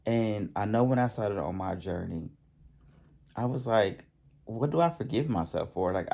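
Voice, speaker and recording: A man speaks in a low, gravelly voice with a dark, mellow tone. He gives a spiritual healing talk straight to camera, halting often and circling back over his own words. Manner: halting, repeats himself, pauses to yawn. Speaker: self-help channel host.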